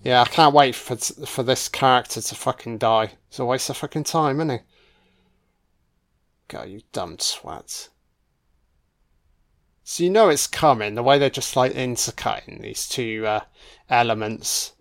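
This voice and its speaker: A man's voice: medium pitch, a little slow, vocal fry, pauses often. Sweary man doing film commentary. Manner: sarcastic, swears constantly, mocks characters. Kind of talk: casual, crude film commentary.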